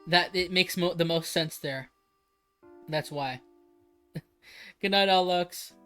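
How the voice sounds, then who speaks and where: A livestreamer talks off the cuff in a mid-pitched voice, rambling and restarting sentences and swearing for emphasis. Faint music plays quietly behind the talk. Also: slow, clear, resonant tone. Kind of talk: casual livestream chat.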